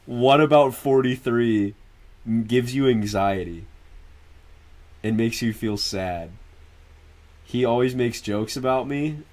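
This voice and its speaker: Male streamer, loose and profane, chats and laughs with his viewers. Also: mid-range voice. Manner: answers viewers directly. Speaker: livestreamer. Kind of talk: casual stream chat.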